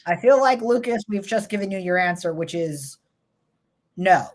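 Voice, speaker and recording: A woman's voice: medium pitch, animated, moderate pace, a little mellow. A woman with a New York accent, hosting a casual tarot show with wry, rambling asides. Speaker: host tarot reader. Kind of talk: casual chat.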